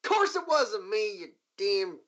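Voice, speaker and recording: A man voicing a gruff, blunt frontier woman marshal with a folksy drawl in a tabletop game. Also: high voice, very animated, slow pace, fairly bright tone, highs cut off, voice pushed up, exaggerated voice. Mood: urgent. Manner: folksy drawl, rough grammar.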